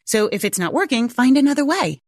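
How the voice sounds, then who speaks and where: A high, sing-song voice, a little fast and dry in the recording, belongs to a homeschooling mother in her forties. She tells viewers a personal story in a candid, casual way, on the verge of tears and often swearing and laughing.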